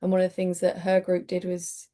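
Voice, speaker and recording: Woman, low flat voice, mellow, hesitant casual talk. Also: a little fast. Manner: hesitant, filler-heavy. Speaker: group participant. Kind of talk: casual group discussion.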